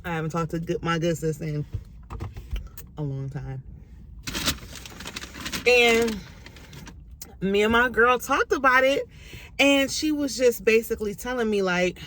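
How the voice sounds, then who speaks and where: A woman's voice: unhurried, long pauses, slight background noise. Candid young woman vlogging from a car. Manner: candid, emotional, animated swings in pitch. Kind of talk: casual chit-chat to camera.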